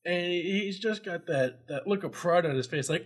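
A man co-hosting a casual game-review chat who laughs often and gets excited easily. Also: high voice. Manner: giggly, excitable, quick to laugh. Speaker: co-host.

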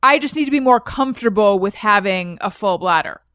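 Woman podcast host, thirties, chatty and quick to laugh, close dry sound. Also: mid-range voice, animated, fairly bright tone, clean tone, no room sound. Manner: chatty, reads listener posts aloud, laughs often. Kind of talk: casual chat.

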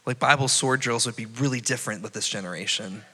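A man preaching a sermon, retelling a Bible story in an animated way and acting out the dialogue. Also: medium pitch, fast talker, breathy edge. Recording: long reverb of a church hall.

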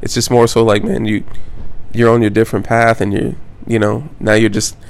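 A man's voice: fairly low pitch, level tone, normal speed, vocal fry, clear, resonant tone. A man hosting a solo podcast, talking in a loose, rambling way with lots of fillers, restarts and casual swearing. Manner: rambling, loose, frequent fillers and self-corrections. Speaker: podcast host.

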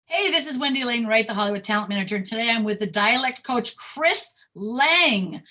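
Bright-voiced woman podcast host. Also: fairly high pitch. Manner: friendly, affirming interviewer. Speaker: podcast host, talent manager. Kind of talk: podcast interview.

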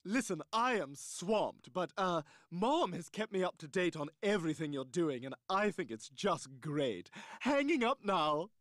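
A man's voice: sits high, big pitch swings, unhurried, a bit bright, no room sound, heavily acted. A man voicing a pompous, sarcastic infant boy in a cartoon sitcom. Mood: dismissive. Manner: dry, dismissive.

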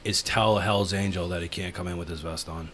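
A man in casual podcast chat, telling a story from working as a bouncer, dropping low and quiet as he tells it. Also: fairly even intonation, a little fast, a little hiss or hum. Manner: laid-back, drops low and quiet when telling a story. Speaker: podcast co-host; former bouncer.

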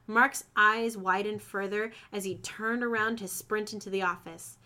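A woman's voice: mid-range voice, fairly even intonation, normal speed, pushed and bright. A woman reading fan fiction aloud with friends, breaking off to joke and laugh. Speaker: reader.

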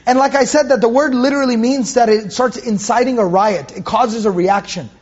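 Man giving a scripture lecture, high husky voice, conversational, recites arabic verses, dull lo-fi recording. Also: a little fast, a little mellow. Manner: conversational, repeats phrases, rhetorical questions, recites Arabic verses. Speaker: Quran teacher. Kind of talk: Quran commentary lecture to students.

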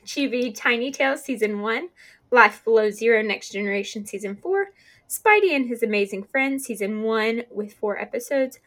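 A woman's voice: fairly high pitch, a bit bright. Chatty young woman podcast host. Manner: chatty, many "like" fillers. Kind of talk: casual podcast chat reading a release list.

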